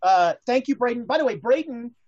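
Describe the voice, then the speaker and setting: A woman's voice: fairly high pitch, animated, a little fast, a little mellow, dull audio. A woman hosting a casual chat show, talking with many fillers and restarts. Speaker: podcast host.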